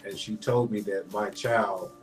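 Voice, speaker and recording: Halting, low-voiced man on a talk show. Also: steady tone, faint music behind. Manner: halting, hesitant.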